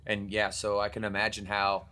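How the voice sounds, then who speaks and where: Bright-voiced male podcast host. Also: on the low side, moderate pace. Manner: energetic, filler-heavy, uses "like" and "literally". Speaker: podcast host interviewing a guest. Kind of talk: casual conversational interview.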